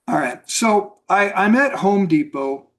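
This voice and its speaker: A man's voice: high voice, lively intonation, unhurried. Rambling middle-aged man telling a story. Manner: rambling, repeats words, lots of "you know". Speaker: network marketing mentor. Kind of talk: casual storytelling on a video call.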